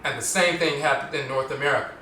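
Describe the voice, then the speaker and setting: A man with a bright, forceful voice delivers a solo podcast lecture, explaining step by step and slowly repeating words to demonstrate their pronunciation. He sits some way from the mic, so his voice carries a roomy echo. A faint room ambience hums underneath. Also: mid-range voice, distant mic, a little hiss or hum. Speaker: podcast host.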